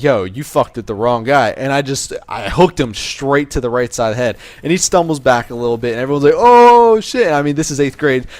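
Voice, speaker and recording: A man's voice: mid-range voice, no echo. A young man telling a casual, profane story to camera, with a swaggering manner and plenty of fillers and restarts. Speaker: vlogger telling a life story.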